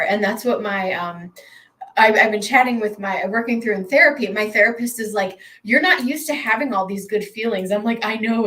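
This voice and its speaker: A woman's voice: mid-range voice, a bit bright, poor audio. Rambling, emotional woman tarot streamer. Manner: emotional, rambling, with many fillers and restarts. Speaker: tarot reader hosting a live stream. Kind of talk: casual live-stream chat.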